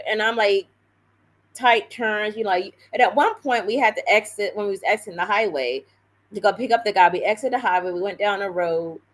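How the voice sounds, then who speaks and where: A woman retelling a story on a live stream, her voice pitched right in the middle for a woman. She talks in a loose, animated way, piling up fillers and restarting her sentences as she goes. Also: low-quality recording. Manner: rambling, animated retelling with many fillers and self-corrections. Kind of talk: casual storytelling.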